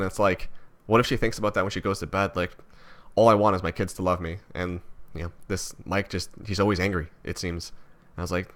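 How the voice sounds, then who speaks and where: A man's voice: sits low, steady tone, quick pace, few pauses, a bit bright. A young man from Canada talking through his thoughts in a personal vlog, rambling and self-critical with many restarts. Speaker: vlogger.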